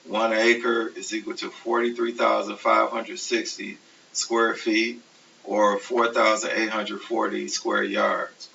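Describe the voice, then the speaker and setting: Distant gravelly man teaching a math lesson. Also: on the low side, slow. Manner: steady, methodical explaining, self-correcting. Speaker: math instructor. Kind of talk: recorded lecture over slides. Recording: distant, dull, hissy classroom recording.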